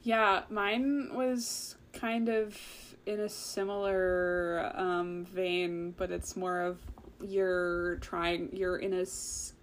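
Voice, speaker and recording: A woman co-hosting a podcast in relaxed casual chat, rambling and laughing easily. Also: fairly low pitch, extremely slow, a little hiss or hum. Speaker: podcast co-host.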